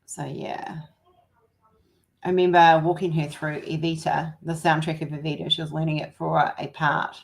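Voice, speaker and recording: A woman's voice: deep voice, level tone, normal speed, vocal fry. A woman from New Zealand with a New Zealand accent, chatting casually on a livestream, rambling and laughing often. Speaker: livestream host. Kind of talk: casual chat.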